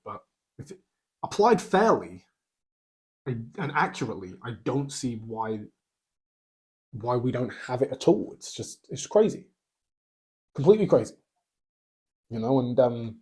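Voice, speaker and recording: A man's voice: mid-range voice, dark tone, breathy edge. A man hosting a podcast, giving a blunt, opinionated commentary monologue with many restarts and a habit of tagging sentences with "right?". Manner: blunt, repeats "right?" as a tag question; halting, with many restarts and fillers. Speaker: podcast host.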